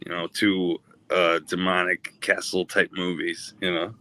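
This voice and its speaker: Male co-host, very bright tone, rambling and casual, trips over his words. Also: low voice, little pitch movement, measured pace, no room sound, low-quality recording. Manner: rambling, stumbles and repeats words, swears casually. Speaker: podcast co-host. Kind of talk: casual chat.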